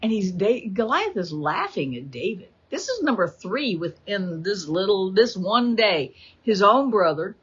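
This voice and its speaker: A woman leads a Bible study in a husky, slightly breathy voice. She tells the story with animated energy and acts out the quotes. The recording sounds dull and lo-fi. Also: medium pitch, a little slow.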